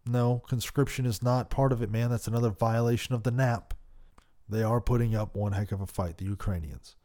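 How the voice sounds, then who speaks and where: A man hosting a podcast, giving passionate political commentary that swings from loud outbursts to quiet worry. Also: medium pitch, fairly even intonation, a little fast. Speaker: podcast host.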